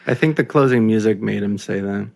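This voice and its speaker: A man's voice: fairly low pitch, brisk, gravelly, darkish tone. A man co-hosting a casual podcast, making dry, wry remarks. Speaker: podcast co-host.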